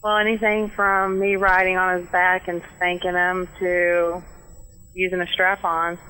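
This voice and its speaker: A woman with a Southern accent, a guest on the phone, answering calmly and matter-of-factly. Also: on the low side, measured pace, low-quality recording. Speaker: guest author. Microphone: phone line.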